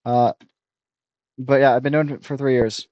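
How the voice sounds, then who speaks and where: A man in his twenties streaming a blunt, rambling reaction, critical and quick to restart his sentences. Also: medium pitch, steady tone, dark tone, dry recording, lo-fi sound. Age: 20s. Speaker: streamer reacting to a review video. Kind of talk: casual rambling reaction commentary.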